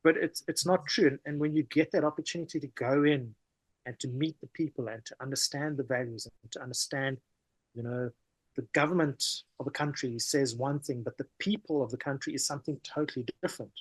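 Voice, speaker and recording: Brief: South African man, casual storyteller, dry close sound, mid pitch. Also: brisk, slightly rough, no room sound. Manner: animated, peppers talk with "man" and "you know". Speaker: podcast guest.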